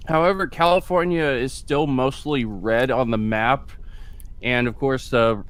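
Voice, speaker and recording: A man's voice: mid-range voice, moderate pace, a bit bright, clean tone. A man co-hosting a casual political chat, hedging his points and chuckling often. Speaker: co-host.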